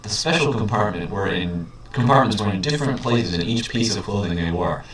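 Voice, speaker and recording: A low-voiced man reads a children's book aloud and keeps interrupting with dry, mocking asides. He sits back from the mic in a very echoey room, and a faint hiss runs underneath. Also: brisk, recorded from a distance. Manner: mocking, deadpan commentary. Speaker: reader.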